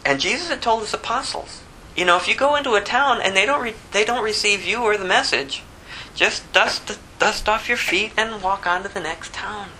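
A man preaching a verse-by-verse sermon, telling the story animatedly and swinging from loud to hushed. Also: high voice, moderate pace, a little hiss or hum, rough recording. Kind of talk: expository sermon.

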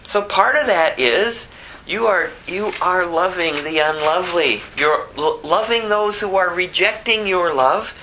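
A woman preaching a sermon with emphatic rhetorical questions and wide swings in pitch. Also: a little slow, sharp tone, slight background noise, rough recording.

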